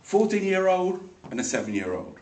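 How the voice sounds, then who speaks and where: A man giving a humorous personal story as a speech, animated and acting out the people in it. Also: sits high, normal speed. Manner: animated, acts out voices in the story, laughs along. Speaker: speaker at a speaking club. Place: meeting room. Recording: echoey room, mic far off, faint noise.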